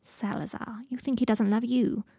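A woman narrator voicing a sharp-tongued, bossy young woman who teases bluntly in an audiobook reading. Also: a little high, steady tone, moderate pace, slightly rough, no echo, clean studio sound. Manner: tart and teasing.

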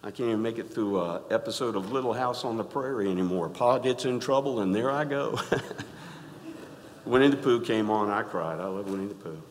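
A middle-aged man preaching a sermon in a church, animated and rising to loud exclaims, often asking the congregation to answer back. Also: fairly low pitch, moderate pace, slight background noise. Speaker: pastor. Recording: reverberant church hall.

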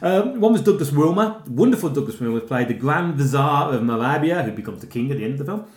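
A man's voice: fairly high pitch, lively intonation, quick pace. Chatty Birmingham man in an echoey room. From Birmingham, England. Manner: chatty, laughs often, rambling asides. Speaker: podcast co-host. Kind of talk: casual film chat.

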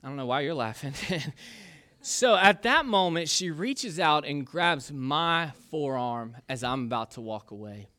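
A man's voice: on the high side, lively intonation, a little slow, sharp tone. A man in his thirties, a pastor preaching a casual, conversational sermon full of personal stories and fillers. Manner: conversational, self-deprecating, with frequent fillers.

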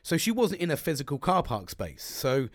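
A man's voice: on the high side, big pitch swings, normal speed, no room sound, studio quality. A young man hosting a podcast, talking bluntly and rambling, with plenty of swearing. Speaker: podcast host. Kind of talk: candid solo podcast monologue.

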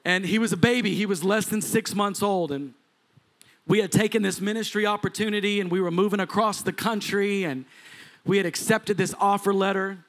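Pastor guy in his 40s preaching, fairly high voice, tells stories, does the voices, laughs a lot. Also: a little fast. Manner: animated, acts out quoted voices, laughs often. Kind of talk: sermon storytelling.

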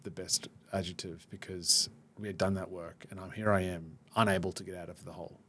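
A man's voice: sits low, little pitch movement, sharp tone, slight background noise. A man hosting a podcast, talking openly and reflectively with frequent restarts. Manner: open and self-reflective, halting restarts. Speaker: podcast host. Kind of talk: candid podcast conversation.

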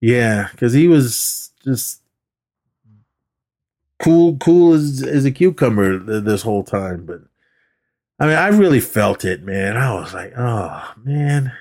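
A man's voice: medium pitch, lively intonation, takes it slowly, long pauses, a little mellow. Man, podcast co-host, rambling movie recap, mimics the characters. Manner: rambling, acts out characters' lines. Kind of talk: casual movie recap chat.

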